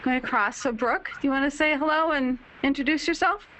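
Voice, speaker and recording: A woman hosting a group video chat, upbeat and quick to laugh. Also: high voice, background noise. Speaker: hangout host.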